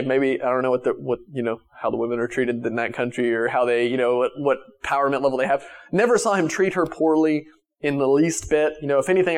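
A man preaching a sermon to his church in a conversational way, with many restarts, swinging from raised emphatic lines to quiet, soft ones. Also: mid-range voice. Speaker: pastor.

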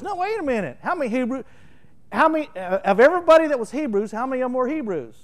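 A middle-aged man with a Southern Oklahoma accent preaching a sermon, telling folksy stories and swelling into loud, emphatic bursts as he explains scripture. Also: very high-pitched, fairly quick. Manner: animated, folksy storytelling with laughter and emphatic swells. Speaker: pastor.

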